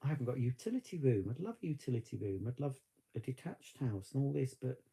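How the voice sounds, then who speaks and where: A man's voice: medium pitch, big pitch swings, fast, creaky, dark tone, slightly rough. A man chatting on a live stream, reflective and rambling with many fillers, tearful at times. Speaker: vlogger. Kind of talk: casual live-stream chat.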